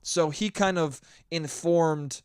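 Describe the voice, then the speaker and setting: A man's voice: on the high side, slow pace, smooth. A hungover young man hosting a solo podcast, rambling and swearing freely, scatterbrained. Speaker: podcast host. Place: New York.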